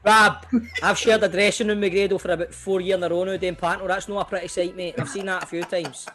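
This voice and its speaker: Cheeky high-voiced Scottish co-host. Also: male voice, steady tone, fast talker. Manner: cheeky, jokey. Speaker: podcast co-host. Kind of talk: casual chat.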